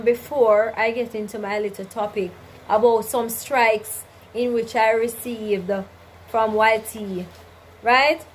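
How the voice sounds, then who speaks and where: A woman's voice: on the high side, slight background noise, rough recording. A woman hosting a casual livestream chat, reading out viewer comments and giving faith-filled advice, often asking "you understand?". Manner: preachy, faith-driven advice with repeated "you understand?" and "right?". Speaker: livestream host.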